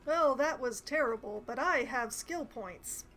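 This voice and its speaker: A woman streaming a video game, talking casually to her viewers. Her voice sits high, and she reacts expressively, mocking herself when things go wrong. There is a faint ambient hum behind her. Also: measured pace. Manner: expressive, self-mocking, groaning at failures.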